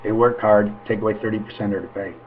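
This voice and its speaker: A man's voice: fairly low pitch, steady tone, fast talker, background noise. Rambling man on a lo-fi webcam. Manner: free-associating wordplay, sing-song asides. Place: at home. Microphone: webcam microphone. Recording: dull lo-fi webcam audio.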